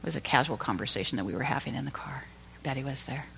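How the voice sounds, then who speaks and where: A woman's voice: a bass voice, fast, vocal fry. Woman preaching a storytelling sermon. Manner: storytelling, building to loud emphatic peaks.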